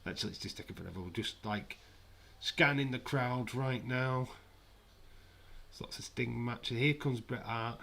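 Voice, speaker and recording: A man's voice: medium pitch, normal speed, vocal fry, fairly bright tone. A man hosting a live wrestling watch-along, chatting casually with sarcastic, rambling asides.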